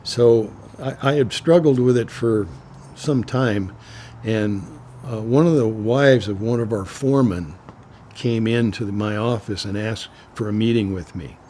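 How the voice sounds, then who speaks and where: An older man from Oklahoma, a retired forest supervisor, tells stories in an oral history interview, rambling with restarts and clearing his throat. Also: on the low side, a little slow, warm tone, a little hiss or hum.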